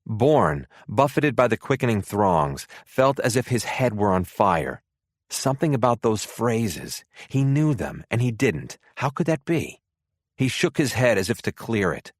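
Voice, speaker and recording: A man narrates a thriller audiobook in a low voice with wide, lively pitch. The sound is close and dry, with no room around it. He keeps a steady storytelling pace. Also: a little slow, no echo.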